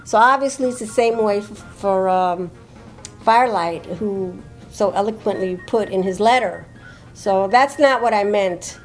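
A woman's voice: medium pitch, a little slow. Earnest, talkative woman co-host, mid-range voice, faint music bed. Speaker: podcast co-host. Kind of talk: casual unrehearsed chat.

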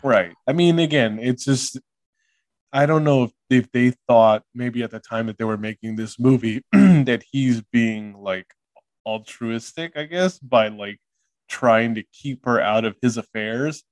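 A man's voice: mid-range voice, a little slow, a little mellow, no echo. A man co-hosting a movie podcast, thinking aloud in a hesitant way. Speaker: podcast co-host. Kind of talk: casual movie discussion.

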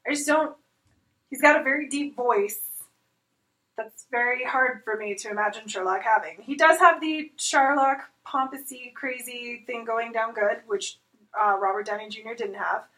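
A woman chats in an excitable, gushing way on a casual podcast. Her voice sits high and sounds bright. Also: moderate pace, poor audio. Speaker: podcast co-host. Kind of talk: casual chat.

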